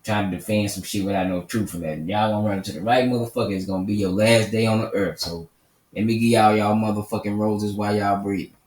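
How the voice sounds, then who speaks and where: A man's voice: on the low side, steady tone, a little fast, a little mellow. Profane, combative man ranting in a roomy echo. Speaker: commentary channel host. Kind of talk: angry commentary rant. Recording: roomy echo, mic at a distance.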